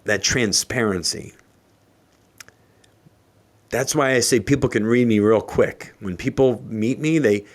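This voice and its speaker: Male podcast host, fairly low voice, earnest and emotional, slow heartfelt quote reading. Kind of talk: solo motivational podcast talk.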